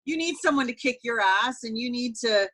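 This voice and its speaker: A woman's voice: fairly high pitch, expressive, moderate pace, fairly bright tone. A woman co-hosting a podcast, reassuring and teasing her friend in a matter-of-fact, casual way. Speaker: podcast co-host. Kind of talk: casual chat.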